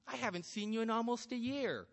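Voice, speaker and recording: A man voicing a pushy, overbearing middle-aged mother, talking brisk and insistent. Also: extremely high pitch, gravelly, in a large hall, voice pushed up. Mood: bright, pushy.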